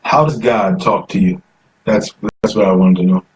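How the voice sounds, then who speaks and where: A man with a deep voice speaking at normal speed hosts a live call-in stream, chatting while coaxing viewers to phone in and reading comments aloud. The mic is distant, with faint noise.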